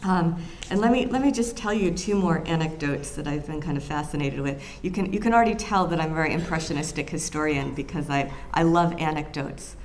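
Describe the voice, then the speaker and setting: A woman historian lecturing to an audience, her voice sitting fairly low and climbing as the stories grow animated. She talks in quick bursts with many ums and restarts, like someone thinking aloud, and a faint hiss sits under the recording. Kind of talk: public lecture with anecdotes.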